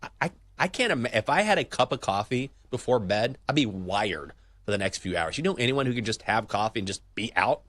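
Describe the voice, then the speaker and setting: A man hosting a morning sports betting show, chatting and telling stories in a lively, casual way. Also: lowish voice, a little fast. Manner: chatty storyteller, energetic. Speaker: show host.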